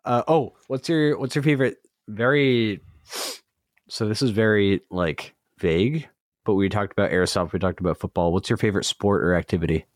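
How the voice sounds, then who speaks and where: A young man hosting a casual podcast, playful and quick to laugh as he runs the segments. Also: fairly low pitch, dry recording, studio quality. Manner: laughs often, playful teasing. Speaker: podcast host. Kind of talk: casual chat.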